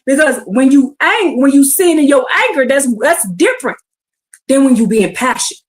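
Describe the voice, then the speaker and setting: A woman preaching a fervent livestream sermon, swinging from hushed to shouting as she calls out to her listeners. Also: high-pitched, sing-song, moderate pace.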